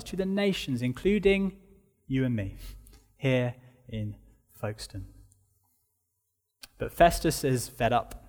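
A man's voice: on the high side, long reverb tail. A man preaching a sermon, earnestly stressing key words and repeating phrases for emphasis. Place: church.

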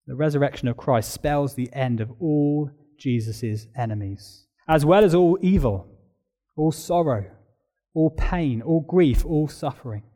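A man with a mid-range voice preaches an expository sermon, emphatic as his repeated phrases build in intensity. He then settles into a quiet and solemn tone.

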